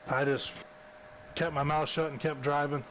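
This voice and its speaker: A man's voice: on the high side, level tone, moderate pace, fairly bright tone, slight background noise, poor audio. Chatty man telling an old police story. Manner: drawling, repeats "I said" and "she's like", laughs at his own story. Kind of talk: casual storytelling.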